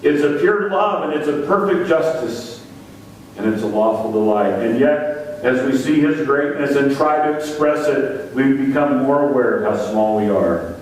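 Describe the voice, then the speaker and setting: A man's voice: mid-range voice, animated, normal speed, a little mellow, slight background noise. Male pastor preaching in an echoing church. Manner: preaching with rising emphasis on repeated words. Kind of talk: sermon. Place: church sanctuary. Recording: echoey church hall from far off.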